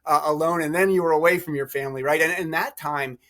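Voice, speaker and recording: A middle-aged man, a podcast guest, telling lively stories in a casual chat. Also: a little high, quick pace. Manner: animated, laughing storyteller. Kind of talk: storytelling chat.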